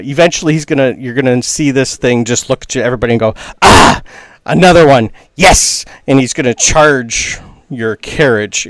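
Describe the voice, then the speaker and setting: A man's voice: mid-range voice, clean tone, dry recording. A man narrates a tabletop game as game master in an ordinary mid-range voice. His scene-setting is casual and rambling, full of fillers. The sound is dry and close to the mic.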